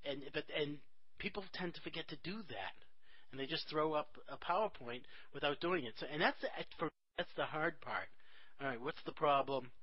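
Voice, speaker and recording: A man's voice: fairly high pitch, husky, no room sound, dull audio. A man, hosting a casual chat and cracking jokes. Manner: joking, chatty, quick asides.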